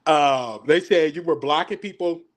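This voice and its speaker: At a moderate pace and pitched on the high side, this man hosts a casual reaction chat. He comes across stammering and flustered, turning the jokes on himself.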